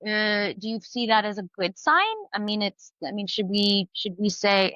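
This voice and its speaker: Bright supportive woman, muffled sound. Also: medium pitch, moderate pace, few pauses, dry recording. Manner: gently probing, supportive questions. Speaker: podcast co-host. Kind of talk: supportive conversational chat.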